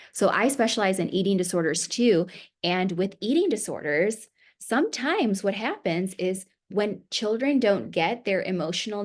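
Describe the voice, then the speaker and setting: Woman giving a conversational parenting seminar. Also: mid-range voice. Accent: American. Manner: conversational, warm coaching with acted parent quotes. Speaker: family therapist presenter. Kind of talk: conference seminar talk.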